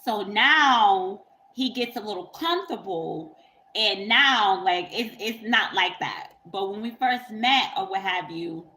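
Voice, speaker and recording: A woman's voice: medium pitch, slow, bright, forceful tone, a little hiss or hum, rough recording. A woman tarot reader telling a story in a rambling, profane, casual way on a livestream, often breaking into laughter.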